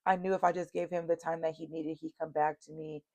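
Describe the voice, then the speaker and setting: A woman's voice: low voice, flat delivery, fast, a little mellow. A woman voicing a naive young woman who gushes that her partner has finally come back to her. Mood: gushing. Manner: gushing, trusting.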